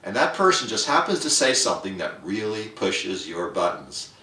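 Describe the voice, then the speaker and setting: Brief: man, lowish pitch, forceful bright tone, playful comic rant, recorded from a distance in an echoey room. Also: big pitch swings, normal speed. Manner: playful, acts out inner voices in a higher pitch. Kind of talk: humorous rant to camera. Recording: roomy echo, mic at a distance.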